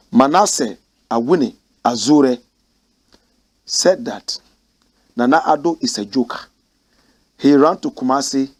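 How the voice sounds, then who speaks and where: A man who hosts a commentary show, reading news reports aloud and breaking into emotional, ranting remarks. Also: medium pitch. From Ghana. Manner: emotional, rants and exclaims between read passages.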